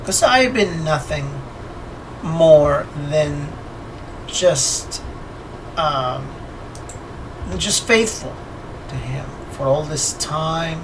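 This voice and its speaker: A man's voice: a little high, animated, creaky, distant mic, noisy background, full character voice. A man voicing a frightened, tearful woman. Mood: pleading, tearful. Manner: pleading, halting and emotional. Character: frightened, tearful middle-aged woman, apologetic.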